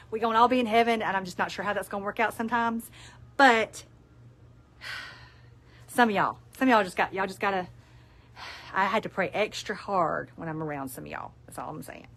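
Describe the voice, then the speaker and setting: A woman's voice: mid-range voice, a bit bright. A woman with a Southern US Alabama accent, a shop owner hosting a casual livestream product showcase, chatty and folksy, laughing often and reading sayings aloud, in a retail store.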